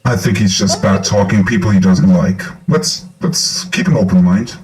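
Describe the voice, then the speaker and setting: A man playing a tabletop game, speaking calmly and reasoning things through. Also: deep voice, normal speed, recorded from a distance, rough recording. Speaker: player. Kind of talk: casual chat in a tabletop game.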